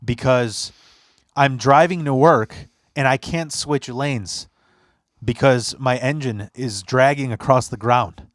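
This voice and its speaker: A man's voice: mid-range voice, takes it slowly, no echo, studio quality. A young man hosting a podcast, telling stories in casual chat, acting out quotes and swearing freely. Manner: animated storyteller, acts out quotes, swears a lot. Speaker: podcast host.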